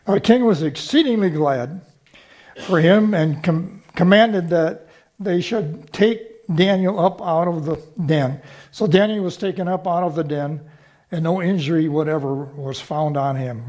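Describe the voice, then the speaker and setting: High-voiced male preacher. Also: a little slow, darkish tone. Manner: teaching, with frequent rhetorical check-ins to the congregation. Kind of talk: sermon.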